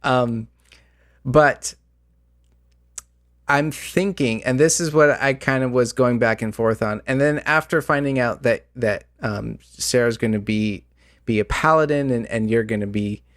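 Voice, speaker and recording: A male podcast host and game master chats casually about tabletop games in a mid-range, fairly bright voice, speaking a little slowly. He rambles with many fillers and restarts, sounds a bit worn out with his voice slightly going out, and the recording is dry and close.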